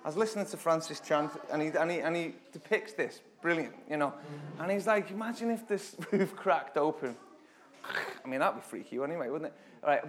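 A fairly high-voiced man leads a casual Bible teaching in a church. His talk is chatty and conversational, with sudden loud, emphatic bursts. When he reads scripture he slows down and gives it drama. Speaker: preacher.

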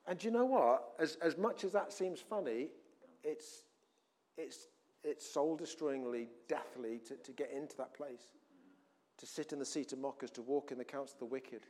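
A man preaching a sermon in a conversational way, often restarting, swinging between loud emphasis and quiet asides. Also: a little high, normal speed.

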